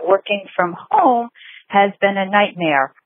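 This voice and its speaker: A woman's voice: mid-range voice, lively intonation, measured pace, no room sound. A woman advocating for small businesses, telling a story in a wry, direct manner. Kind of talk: testimonial. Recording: tinny phone-like line.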